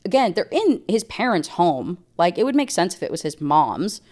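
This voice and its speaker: A woman's voice: lowish voice, big pitch swings, moderate pace, darkish tone. A woman ranting through a book review, sarcastic and exasperated.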